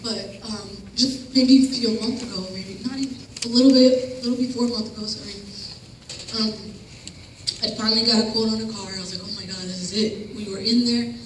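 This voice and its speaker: A woman's voice: fairly high pitch, steady tone, brisk. A woman sharing a personal testimony with a group in a chatty, self-conscious way, often laughing and apologizing. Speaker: church member giving testimony. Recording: echoey room, distant mic, noisy.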